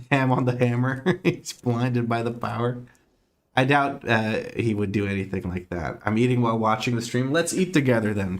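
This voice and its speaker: A man's voice: medium pitch, a bit bright. A man streaming from home, chatting casually with his audience, laid-back and laughing often as he reads chat aloud.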